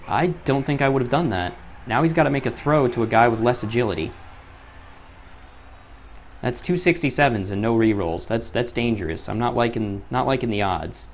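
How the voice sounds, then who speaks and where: A man's voice: medium pitch, moderate pace, a little hiss or hum. A young man commentating his own gameplay, often frustrated, swearing and muttering to himself. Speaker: gaming YouTuber.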